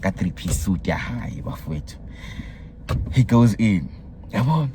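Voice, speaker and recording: A young man with a South African accent and a low, deep voice recounts his day in a relaxed vlog, getting excitable and dropping slang and local words as he goes. A faint hiss sits under the recording. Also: a little slow. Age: young adult. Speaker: vlogger. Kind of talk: casual storytelling vlog.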